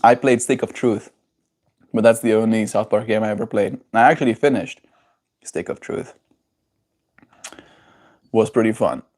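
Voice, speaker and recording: This man's voice is on the low side and slightly mellow, moving at a moderate pace broken by long pauses. Speaking with a South African accent, he chats casually on a livestream, rambling, reacting to viewers' comments, and chuckling frequently.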